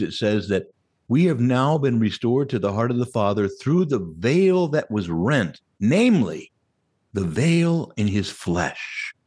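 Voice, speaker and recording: Male Catholic priest, husky, animated sermon delivery, mid pitch, lively intonation. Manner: animated, conversational preaching with rhetorical questions.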